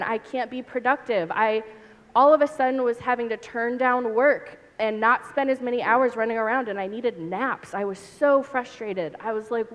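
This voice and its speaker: Woman panelist, higher voice, candid animated testimony, hall reverb. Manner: candid, animated, acts out her own past outbursts. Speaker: panel speaker. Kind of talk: personal testimony to an audience.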